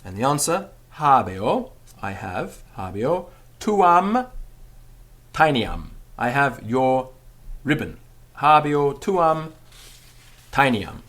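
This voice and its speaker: A male teacher talks through a grammar lesson at an unhurried, deliberate pace. His voice rises and falls a lot, and he repeats each phrase slowly so it sinks in. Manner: slow, patient drilling with repeated example phrases; lively rising and falling pitch. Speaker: Latin teacher. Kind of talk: spoken language lesson.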